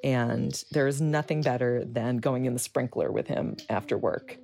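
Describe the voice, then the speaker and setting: Low, gravelly woman; candid, animated interviewee who rambles. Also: moderate pace. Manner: animated, rambling storytelling with fillers.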